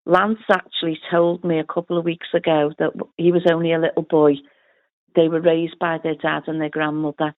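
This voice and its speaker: A woman's voice: deep voice, little pitch movement, a little fast. A middle-aged woman with a Liverpool accent, telling her family story in an interview, chatty and full of quoted dialogue. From Liverpool, England. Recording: tinny phone-like audio.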